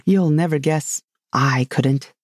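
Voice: mid-range voice, takes it slowly, dry recording, studio quality. A narrator voicing a proud, dreamy male unicorn in a storybook reading, speaking carelessly and loftily. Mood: haughty. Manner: careless, lofty.

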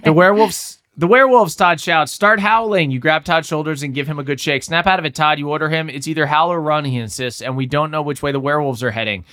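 A man's voice: fairly high pitch, sharp tone. Man reading an adventure book aloud. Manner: dramatic storybook reading, quick to laugh. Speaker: reader and game master.

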